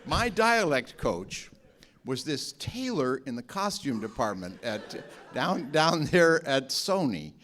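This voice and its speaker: A man's voice: medium pitch, slow. A man, an actor guest, telling anecdotes in casual talk and laughing often. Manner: laughs often, animated storyteller.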